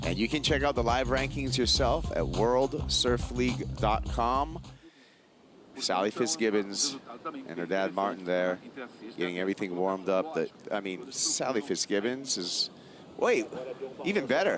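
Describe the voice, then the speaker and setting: A man's voice: fairly low pitch, lively intonation, a little slow, music in the background. A man commentating live surfing in an easygoing way, laughing between calls. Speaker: surf commentator.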